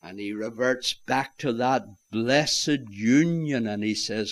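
A man preaching a sermon, swinging from loud declarations to hushed, near-whispered lines and calling his listeners "my friends". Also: mid-range voice, slow pace, few pauses.

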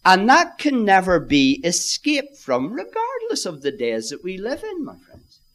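A man's voice: high voice, huge pitch swings, measured pace, fairly bright tone. A man preaching a sermon, earnest and emphatic, addressing the congregation directly.

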